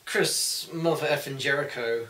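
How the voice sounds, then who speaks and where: A young man co-hosting a casual chat, excitable and jokey, swearing freely. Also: medium pitch, unhurried. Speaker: co-host. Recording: echoey room, far from the mic.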